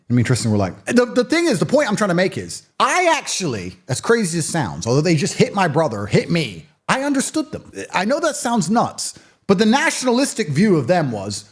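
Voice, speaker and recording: Fast, animated man talking emphatically. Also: sits high. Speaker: guest. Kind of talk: casual interview talk.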